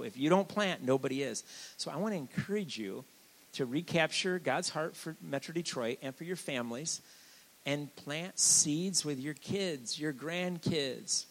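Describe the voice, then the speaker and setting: A man giving a sermon as a guest preacher, conversational and joking, with sudden swings from quiet asides to loud declarations. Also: fairly high pitch, creaky, rough recording. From Sicilian family.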